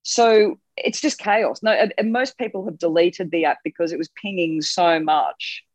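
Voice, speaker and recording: A woman's voice: on the low side, normal speed, no echo. An Australian woman comedian chatting as a guest, wry and laughing at her own bleak points. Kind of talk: casual comedic chat. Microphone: remote line from home. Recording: dull dry call line.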